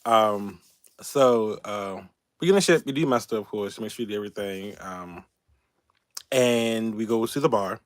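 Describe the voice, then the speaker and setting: Man, animated storytelling, laughing and cussing, dry close sound. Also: fairly low pitch, moderate pace, no room sound. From Baltimore, Maryland. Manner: animated, laughing, profane, quoting others in raised voices. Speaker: YouTube channel host. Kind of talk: casual storytelling livestream.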